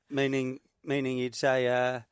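A man's voice: medium pitch, no room sound. Guy on radio telling stories, laughs a lot, stumbles n restarts, dry close sound. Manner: laughing, storytelling, halting restarts. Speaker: guest, former footballer. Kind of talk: casual radio chat.

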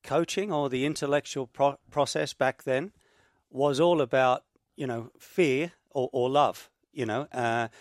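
A man guest on a radio show, chatting casually and telling stories with laughs and halting restarts. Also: medium pitch, steady tone, no echo, studio quality. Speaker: guest, former footballer.

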